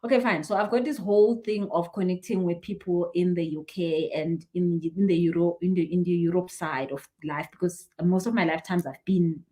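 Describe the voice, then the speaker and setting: Animated chatty woman. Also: on the low side, brisk, hardly any pauses. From South Africa. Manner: animated, chatty, laughs often, acts out what people say. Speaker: spiritual healer. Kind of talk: casual live-stream chat answering viewers.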